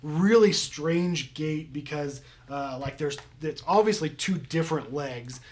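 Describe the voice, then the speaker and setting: A young man running a tabletop game, his voice sitting a little high for a man. He describes scenes in loose, rambling sentences, full of ums and likes and restarts. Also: measured pace, a little mellow. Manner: rambling, many fillers. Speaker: game master.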